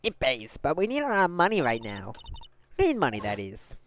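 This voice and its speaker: A woman voicing a stern elderly male gangster boss in a low, gruff voice. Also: huge pitch swings, normal speed, a little hiss or hum. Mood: solemn.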